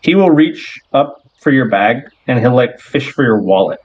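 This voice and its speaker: A man narrating a tabletop role-playing game as game master, telling the scene in a relaxed way with fillers. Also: mid-range voice, normal speed, lo-fi sound.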